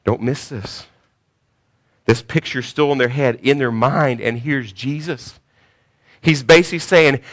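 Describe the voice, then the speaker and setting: Guy preaching a sermon, gets real quiet then cries out, stumbles on repeated words. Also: medium pitch, measured pace, long pauses. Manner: dramatic swings from hushed to loud cries; emphatic, repeats words while searching for them. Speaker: pastor.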